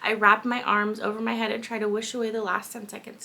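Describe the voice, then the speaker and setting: A young woman talks through a favourite novel, reading passages aloud and reacting with open emotion. Her voice is bright and has a gravelly fry. A faint hiss of room noise sits behind her. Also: fairly high pitch, little pitch movement, fast, hardly any pauses. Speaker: book vlogger. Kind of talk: book recap reading aloud.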